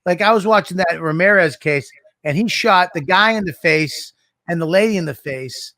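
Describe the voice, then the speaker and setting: A man co-hosting a podcast in casual chat, excitable and reacting with disbelief. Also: high voice, moderate pace, no room sound, studio quality. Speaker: podcast co-host.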